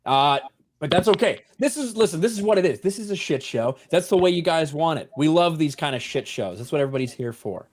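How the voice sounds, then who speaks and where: A man's voice: a little high, expressive, fast. A man hosting a live stream, introducing guests with loose, profane jokes. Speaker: host. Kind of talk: casual live stream chat. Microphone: headset.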